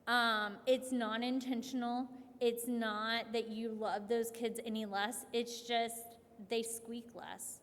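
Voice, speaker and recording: A woman clinician giving a conversational workshop talk to families, telling stories in a lively way with frequent restarts. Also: on the high side, takes it slowly, few pauses. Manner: conversational, animated storytelling with many restarts and "like". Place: event hall. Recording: long hall reverb.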